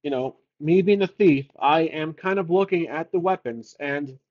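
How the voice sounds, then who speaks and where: A man's voice: a little high, normal speed, phone-quality sound. A man narrating his solo tabletop game, casually thinking aloud and rolling odds for each choice.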